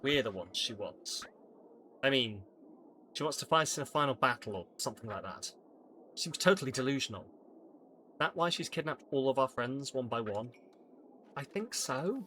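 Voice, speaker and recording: A man on a live stream playing a game, reading its dialogue aloud and thinking out loud, with lively delivery. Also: medium pitch, normal speed, long pauses, a little hiss or hum.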